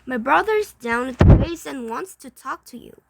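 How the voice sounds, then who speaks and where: A woman's voice: sits high, expressive, normal speed, gravelly, heavy background noise. A woman reading aloud, voicing a cocky, boastful boy rollerblader in a storybook with a sarcastic edge.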